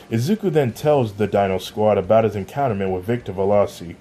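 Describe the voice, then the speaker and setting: Male narrator, low and mellow, amateur fan-story reading, steady with slips. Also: a little fast, hardly any pauses, faint music behind.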